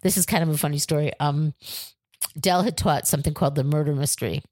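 An older woman tells her stories in a lowish voice, acting out what people said and cursing freely. She sounds close and dry, with no room around her, and talks in an easy interview manner. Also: quick pace, no room sound. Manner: animated, acts out quotes, swears freely. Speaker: guest, improv theater founder. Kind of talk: casual storytelling interview.

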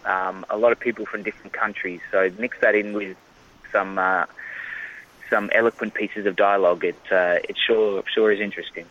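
Bright-toned Australian man, lo-fi sound. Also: on the low side, steady tone, normal speed. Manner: rambling, many restarts and fillers. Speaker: actor guest. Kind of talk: casual interview chat.

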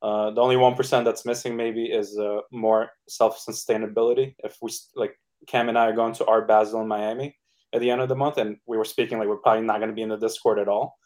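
A man in a casual podcast interview, speaking in a relaxed, upbeat way with lots of "uh" and "like". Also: on the low side, quick pace. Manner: relaxed, filler-heavy, upbeat. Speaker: NFT project co-founder guest.

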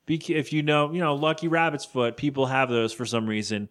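A man's voice: medium pitch, little pitch movement, a bit bright. A man co-hosting a casual podcast, rambling through an episode recap and acting out characters' lines. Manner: rambling, acts out characters' lines in quick voices. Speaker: podcast co-host.

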